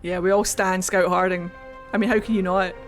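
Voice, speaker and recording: A woman's voice: on the low side, level tone, fairly quick, faint music behind. A woman streaming a video game, chatting casually and getting easily distracted. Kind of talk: casual chat while gaming.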